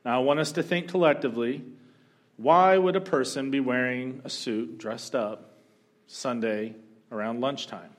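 A male pastor telling a story during a sermon, animated and joking now and then. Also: mid-range voice, a little slow. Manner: storytelling, animated, humorous asides.

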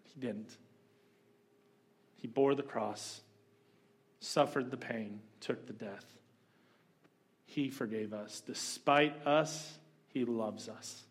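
A male pastor preaching a sermon in a conversational, animated storytelling manner. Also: medium pitch, takes it slowly, pauses often.

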